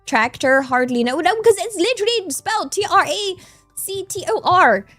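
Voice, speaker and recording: A woman's voice: very high voice, lively intonation, normal speed, a bit bright, dry recording, soft background music. A playful, giggly woman with a West Country English accent, chatting casually with her live-stream audience. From England. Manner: playful, giggly, thanks chat in Japanese.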